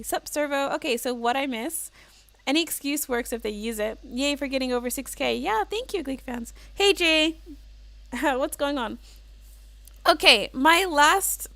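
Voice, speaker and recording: This American woman runs a laid-back livestream, laughing as she reads viewer comments and leaning on "like" and "um." She speaks in a high, slightly bright voice with no echo.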